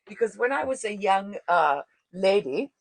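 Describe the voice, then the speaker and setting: A woman chatting playfully, her pitch swinging widely from phrase to phrase. The sound is dry and close to the mic, and she reacts quickly and teasingly. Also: sing-song, dry recording. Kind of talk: casual chat.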